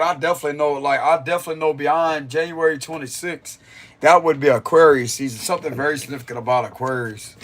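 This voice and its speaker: A young man giving a casual, rambling spiritual reading on a livestream and chatting loosely with his viewers, laughing often as he goes. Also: a little high.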